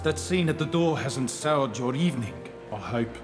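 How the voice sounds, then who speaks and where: An actor playing a grandiose male crime host with a South African accent, speaking in a smooth, lecturing manner. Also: medium pitch, lively intonation, normal speed, natural voice. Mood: smug. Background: game music.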